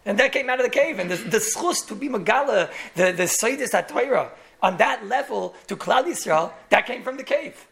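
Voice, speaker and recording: A man's voice: very high voice, expressive, moderate pace, creaky, fairly bright tone. A man, a rabbi, gives a Torah lecture in English full of Yiddish and Hebrew terms, telling stories with repeated words and chuckling asides.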